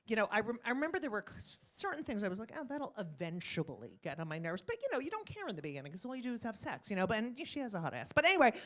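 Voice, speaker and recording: A woman's voice: medium pitch, rapid-fire, few pauses. A middle-aged woman doing a stand-up comedy set in a club, brash and profane, acting out little scenes with voices. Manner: brash, animated, acts out voices, swears freely.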